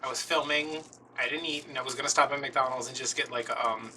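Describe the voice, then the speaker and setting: A man's voice: medium pitch, steady tone, fairly quick, pushed and bright. A man chatting casually as a craft video host, telling a rambling, self-deprecating story about his day. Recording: distant mic with faint noise.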